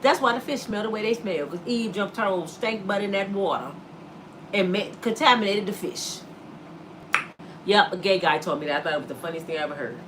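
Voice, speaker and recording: A woman's voice: medium pitch, brisk, noisy background. A woman in her fifties who hosts her own vlog and delivers a sassy, preachy comedic rant straight at her viewers. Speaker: vlogger host.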